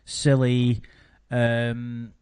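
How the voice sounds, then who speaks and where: A man co-hosting a casual chat, wry and crude with mock-gruff humour. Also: mid-range voice, completely flat delivery, very slow, darkish tone. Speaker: co-host.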